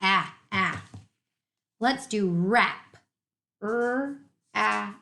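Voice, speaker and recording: Woman teacher, slow clear word drills for young kids, higher voice, laptop mic at home. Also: expressive. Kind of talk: remote reading lesson for young children. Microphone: laptop computer mic.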